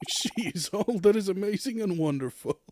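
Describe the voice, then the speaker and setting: A man voicing a theatrical showman who announces and hosts a dating show, in a grandiose, drawn-out delivery. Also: high-pitched, lively intonation, darkish tone, a little hiss or hum, voice pushed up.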